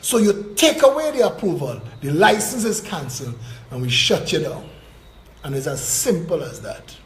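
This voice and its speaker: A man's voice: a little high, sing-song, normal speed, echoey room, a little hiss or hum. A man giving an emphatic campaign speech as a political candidate. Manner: emphatic, declamatory, rising and dropping with emphasis.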